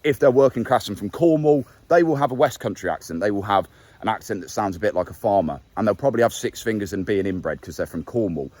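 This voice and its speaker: Animated and fast, a young man from England speaks in a lowish, darkish voice on a dry recording. As a YouTube host with a neutral middle-class accent, he gives a casual, conversational explainer to camera, self-correcting and hitting key words emphatically.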